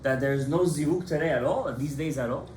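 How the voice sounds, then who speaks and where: A rabbi in his lesson, a man with a somewhat high voice, speaking with passion and drive as he quizzes his students. His voice rings around an echoey study hall over a faint low hum. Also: fairly quick. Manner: animated and impassioned, quizzing students by name. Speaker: rabbi teaching a Torah class. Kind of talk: lively Torah class lecture.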